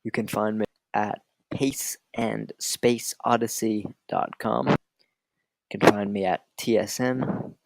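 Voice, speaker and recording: Gravelly-voiced dry podcast co-host man. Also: lowish voice, steady tone, slow, rough recording. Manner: dry, wry, tired and yawning. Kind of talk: casual podcast chat.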